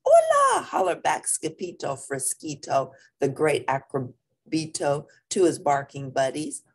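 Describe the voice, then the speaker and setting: Gravelly woman reading a storybook aloud. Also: low-pitched, unhurried, darkish tone. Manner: sing-song, swooping voice across the lines. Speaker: children's book reader. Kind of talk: animated storybook read-aloud.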